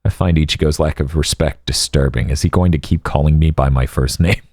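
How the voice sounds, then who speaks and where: Aloof anime noble, voiced by a man: stiff, haughty, pitched down, dry. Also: fairly quick, a little mellow, no room sound.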